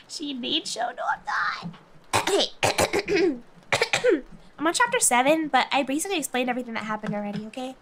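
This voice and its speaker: A woman's voice: high voice, animated, measured pace, long pauses, a bit bright, slight background noise. A woman streamer chatting casually and reading aloud, often breaking off to giggle.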